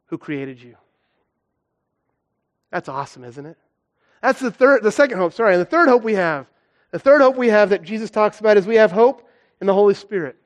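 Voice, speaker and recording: A young man preaching a sermon as a guest speaker, animated and acting out stories with big jumps in his voice. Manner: animated, acts out stories with big pitch swings.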